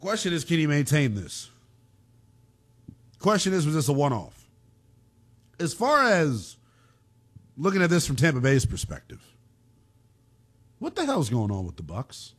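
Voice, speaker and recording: A man hosting a call-in sports radio show, ranting in a slangy, animated way. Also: fairly high pitch, measured pace, pauses often.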